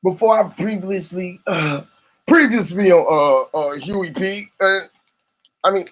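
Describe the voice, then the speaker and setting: A man's voice: high voice, moderate pace. A young man streaming live, rambling and joking crudely, often laughing between lines. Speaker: livestreamer. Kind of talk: casual livestream banter.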